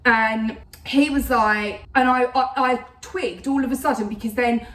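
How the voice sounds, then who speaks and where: A woman's voice: a little high, steady tone, measured pace, fairly bright tone. A woman in her thirties chatting casually to camera in a rambling way, full of fillers. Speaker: vlogger. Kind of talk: casual chat. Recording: roomy sound, voice a bit distant.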